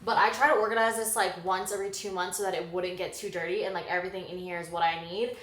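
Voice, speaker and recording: A young woman in her twenties, chatting casually in a vlog and telling stories with lively acted-out quotes and swearing. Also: lowish voice, fast, roomy sound. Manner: animated storytelling, swears, acts out quotes. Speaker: vlogger.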